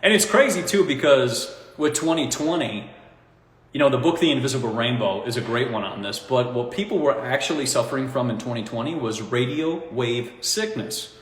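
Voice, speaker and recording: A man talking in a casual, rambling monologue, animated and mocking, often breaking into laughter at his own points. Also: medium pitch, normal speed. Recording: echoey room with long reverb.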